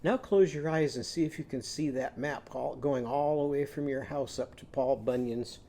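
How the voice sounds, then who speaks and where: A man's voice: mid-range voice, moderate pace, warm tone, slight background noise. A man teaching a children's literacy lesson, patiently guiding young listeners through sounds and letters.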